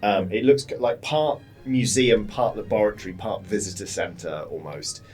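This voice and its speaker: A man's voice: lowish voice, moderate pace, a little mellow, soft background music. A man narrating as game master of a tabletop game, rambling with many fillers.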